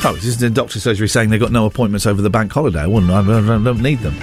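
A man's voice: on the low side, racing, over music. A man hosting a radio show, telling rambling jokey stories in casual chat. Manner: rambling, jokey, animated storytelling.

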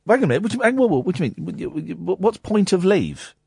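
Excitable late-night radio host. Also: male voice, sits high, fast, creaky, husky, dry recording, studio quality. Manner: excitable, stammering restarts. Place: radio studio. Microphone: studio microphone.

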